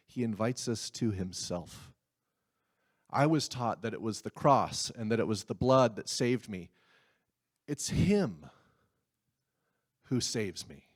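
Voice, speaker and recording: A man's voice: mid-range voice, animated, slow, pauses often. A man preaching a sermon in a conversational way, with asides and laughs. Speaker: pastor.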